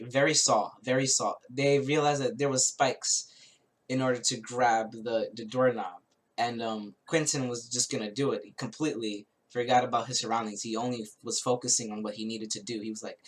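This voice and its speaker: A man giving a casual spoken tarot reading, rambling and halting, with many restarts and little chuckles as he recounts a show. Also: medium pitch, steady tone, fairly bright tone. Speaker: tarot reader.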